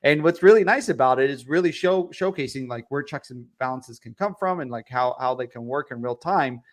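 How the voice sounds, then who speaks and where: Man, co-host, medium pitch, halting with uh's, casual political commentary. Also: expressive. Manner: explains with many fillers, laughs easily.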